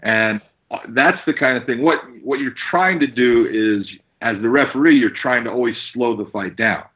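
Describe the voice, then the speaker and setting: A man who works as a fight referee, telling animated stories and acting out what people said. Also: mid-range voice, normal speed, phone-quality sound. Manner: animated storyteller, acts out quotes. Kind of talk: casual storytelling.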